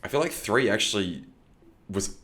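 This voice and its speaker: A man's voice: on the low side, lively intonation, normal speed, fairly bright tone. A man chatting casually on a podcast, joking loosely and swearing now and then.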